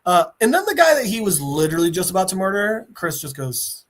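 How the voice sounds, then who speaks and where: A man hosting a podcast, animated and laughing as he casually retells a comic issue, swearing freely. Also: high-pitched, brisk. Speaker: podcast host.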